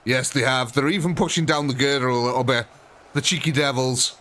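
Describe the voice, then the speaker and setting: A man's voice: medium pitch, fairly even intonation, brisk, pushed and bright. A man commentating a live strategy game, chatty and thinking aloud, often talking straight to the units on screen. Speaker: gaming streamer.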